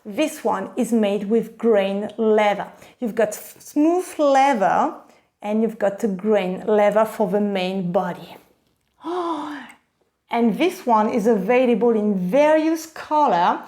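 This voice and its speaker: A woman's voice: medium pitch, measured pace, mellow. A woman, gushing and gasping with delight as she unboxes bags in a casual vlog. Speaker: vlogger.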